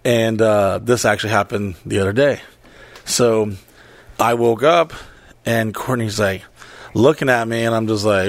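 A man's voice: lowish voice, a little slow, no echo. A man telling a story in casual podcast chat, rambling, swearing freely and laughing as he goes.

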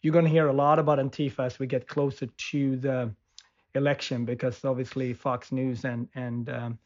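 A man's voice: medium pitch, little pitch movement, normal speed, darkish tone. Storytelling man on muffled audio. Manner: rambling storyteller with many restarts. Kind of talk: casual conversation.

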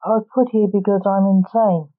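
A woman voicing a deadpan, insane young male sorcerer in a read-aloud story. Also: mid-range voice, moderate pace, phone-quality sound, close to an everyday voice.

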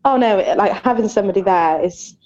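Chatty woman in her 30s, mid pitch, kinda dull lo-fi sound, jokes about herself. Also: normal speed, darkish tone. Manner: open and chatty, many fillers, joking self-deprecation. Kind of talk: candid casual chat.

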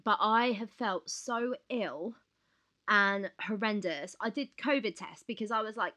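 A woman in her thirties co-hosting a podcast, hoarse from the flu and talking candidly in casual chat. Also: mid-range voice, unhurried. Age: 30s. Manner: candid, expressive, retells with acted quotes. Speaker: podcast co-host.

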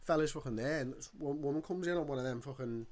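A man telling a story in casual chat, animated and ranting, swearing often. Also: medium pitch, fast.

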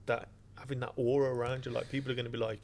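A man's voice: medium pitch, flat delivery, racing, darkish tone, a little hiss or hum. A man co-hosting a casual podcast, chatty and slangy, laughing easily. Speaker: podcast co-host.

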